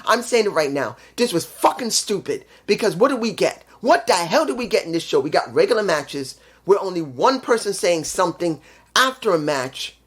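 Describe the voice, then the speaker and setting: A man's voice: high voice, sing-song, normal speed, fairly bright tone, slightly rough. Brief: male wrestling reviewer, casual, frustrated, swears a lot. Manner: frustrated ranting, heavy swearing.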